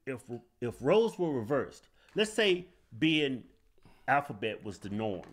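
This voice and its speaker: A man's voice: medium pitch, sing-song, unhurried, husky. A man casually commenting on a clip as co-host, blunt and joking, often mocking.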